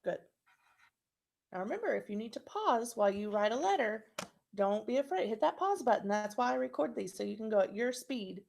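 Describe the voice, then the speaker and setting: A woman's voice: a little high, big pitch swings, a little fast, creaky, darkish tone. A woman teacher giving a recorded phonics lesson to young children, spelling words out letter by letter and clapping out syllables.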